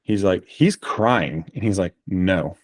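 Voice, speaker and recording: A man in a casual podcast conversation, a guest telling animated stories with frequent fillers. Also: low voice, takes it slowly, dry recording.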